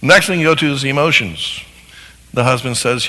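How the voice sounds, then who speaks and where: A man's voice: mid-range voice, a little fast, pushed and bright, slight background noise. A man teaching a lesson on marriage who often asks his listeners rhetorical questions. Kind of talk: lecture on marriage. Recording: long hall reverb.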